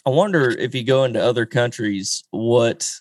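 A man's voice: medium pitch, moderate pace, no room sound, studio quality. A man co-hosting a podcast, chiming in with short amused reactions in casual chat.

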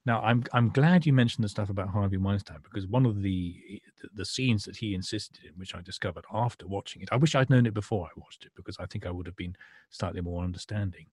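A man in casual critical chat, measured and wry with a few hesitations. His voice is a touch husky and low, recorded close and dry. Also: a little mellow, no echo. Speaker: podcast co-host, critic.

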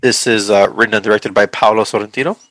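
A man's voice: fairly low pitch, fairly even intonation, quick pace, a bit bright, no echo, rough recording. A man co-hosting a movie podcast, talking in a casual, hesitant way with lots of fillers and restarts. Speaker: podcast co-host. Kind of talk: casual movie review chat.

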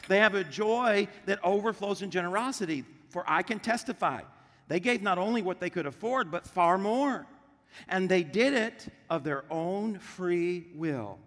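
A male pastor preaching a sermon to a congregation, lively and drawing the crowd into call-and-response. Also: high-pitched, a little slow, big-room sound. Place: church auditorium with congregation.

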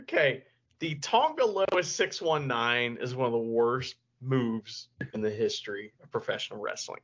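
A man co-hosts a wrestling podcast, talking in a bright, tense voice that jumps all over its range. He laughs easily and throws in mock-serious asides. The recording is muffled and lo-fi. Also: mid-range voice, animated, normal speed, a little hiss or hum. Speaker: podcast co-host. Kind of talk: casual chat reviewing wrestling. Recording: dull lo-fi podcast audio.

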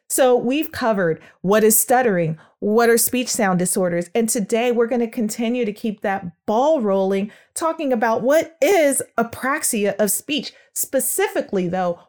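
A woman in her thirties hosting a solo podcast as a speech therapist, talking in an upbeat, playful and emphatic way. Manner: energetic, playful, emphatic with big pitch swings. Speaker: podcast host, speech-language pathologist.

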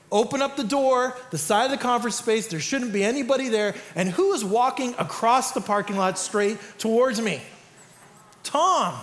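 Middle-aged male pastor, high voice, chatty animated sermon, roomy church reverb. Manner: conversational storytelling, animated. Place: church sanctuary. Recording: echoey church hall.

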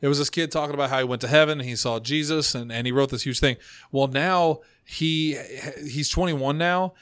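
A man hosting a casual podcast, telling stories from his notes with quick asides. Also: a little high, a bit bright, smooth, dry recording, clean studio sound. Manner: chatty storyteller, reads notes, quick asides. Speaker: podcast host.

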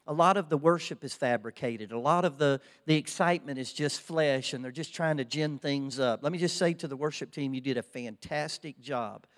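An older man with an Oklahoma accent preaches from the pulpit, repeating phrases as his fervor builds. His voice sits a little high for a man. A long hall reverb trails each line through the sanctuary. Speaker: pastor. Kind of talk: sermon. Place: church sanctuary.

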